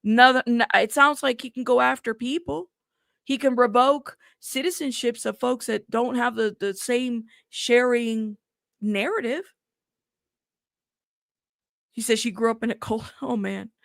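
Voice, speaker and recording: Chatty woman commentator with gravelly voice. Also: a little high, unhurried, a bit bright, no room sound, studio quality. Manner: chatty, reacts aloud while reading news. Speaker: news commentary host. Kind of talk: casual political commentary.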